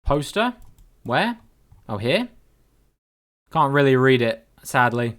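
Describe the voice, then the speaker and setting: A man's voice: medium pitch, big pitch swings, slow pace, pauses often, fairly bright tone. A man giving chatty, playful live-stream commentary while playing a guessing game with his viewers, greeting them by name and swearing casually.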